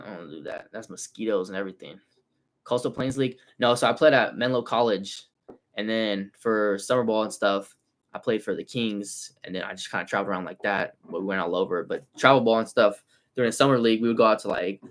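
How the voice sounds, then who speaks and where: A man in his twenties from the San Francisco Bay Area. He runs a car detailing business and talks through a casual livestream in loose, slangy, animated street talk. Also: lowish voice.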